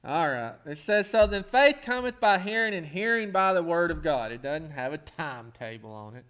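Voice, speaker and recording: A pastor preaching a folksy sermon that swells into emphatic calls. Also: male voice, fairly high pitch, lively intonation, normal speed, fairly bright tone, clear, resonant tone.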